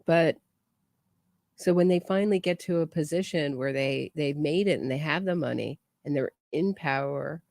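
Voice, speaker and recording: A woman's voice: sits low, moderate pace, darkish tone, dry recording. A woman commentating on trial footage in a chatty way, often restarting and trailing off mid-thought. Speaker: true crime commentator.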